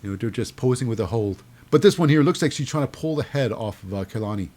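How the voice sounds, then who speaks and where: A man's voice: mid-range voice, expressive, fast, darkish tone. A man casually recapping a wrestling show, rambling with many fillers and restarts, sometimes acting out quotes in a raised voice.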